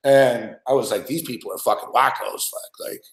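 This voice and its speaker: A man's voice: medium pitch, brisk, fairly bright tone. A man hosting a podcast, telling a rambling, profane story in casual chat and laughing often. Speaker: podcast host. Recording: roomy echo.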